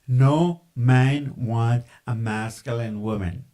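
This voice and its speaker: A man's voice: medium pitch, takes it slowly, dark tone. A man lecturing in a profane, ranting podcast monologue, full of fillers and insults.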